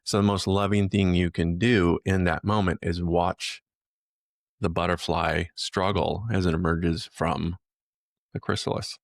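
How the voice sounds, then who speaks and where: A man's voice: low voice, steady tone, measured pace, creaky, no room sound, clean studio sound. A man co-hosting a podcast, talking reflectively in casual chat and explaining his point through a metaphor. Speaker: podcast co-host.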